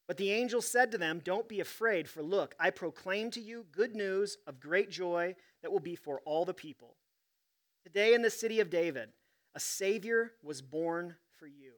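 A man preaching a sermon as pastor, reading scripture and telling stories in a conversational, humorous way. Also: sits high.

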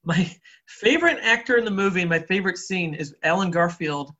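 A man with a high, bright voice who chats eagerly about movies and jumps into quotes as he recounts scenes. The audio is dull and lo-fi. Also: animated, a little fast. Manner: enthusiastic, acts out quotes. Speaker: podcast co-host. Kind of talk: casual film discussion.

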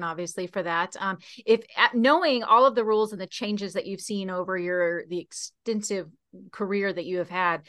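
A woman's voice: mid-range voice, fairly bright tone. A woman hosting a casual interview, asking questions in a friendly way and laughing often. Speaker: podcast host, interviewer.

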